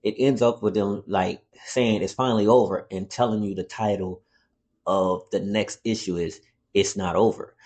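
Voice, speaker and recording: A man giving a casual, rambling comic book review, excitable and swearing freely. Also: lowish voice, moderate pace.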